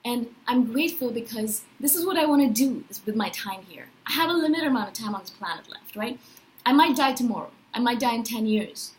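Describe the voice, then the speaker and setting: Expressive woman in her thirties. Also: a little high, a little fast, slight background noise, poor audio. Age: 30s. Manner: animated, emphatic, frequent "right?". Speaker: vlogger. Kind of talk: personal spiritual vlog.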